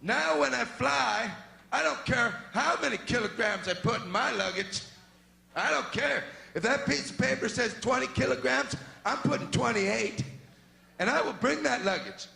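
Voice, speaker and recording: A man doing a stand-up routine, animated and shouting his punchlines. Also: very high-pitched, moderate pace, creaky. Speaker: stand-up comedian. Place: comedy club stage. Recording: echoey club recording with loud crowd.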